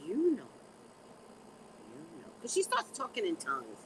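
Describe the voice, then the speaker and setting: A woman's voice: on the low side, a little hiss or hum, low-quality recording. A woman chatting to her channel in a blunt, sassy way, leaning on "you know" between thoughts. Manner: animated, drawn-out, repeats "you know". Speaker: vlogger. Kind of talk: casual chat to camera.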